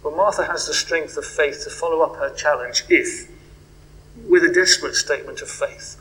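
A man delivering a sermon with a slightly higher-than-usual voice. He talks reflectively, dropping to hushed questions and then rising into emphatic swells. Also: normal speed, low-quality recording. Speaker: preacher.

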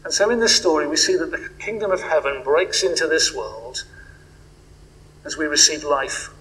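A man delivering a sermon with a slightly higher-than-usual voice. He talks reflectively, dropping to hushed questions and then rising into emphatic swells. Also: normal speed, low-quality recording. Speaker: preacher.

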